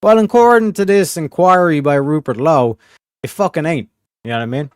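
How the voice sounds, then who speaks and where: A man's voice: on the high side, a little fast, clear, resonant tone, no room sound, clean studio sound. A man from California with a rural, Southern-tinged accent, rambling and swearing as he chats with his stream audience. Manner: profane, rambling, talks to chat. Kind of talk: casual livestream commentary.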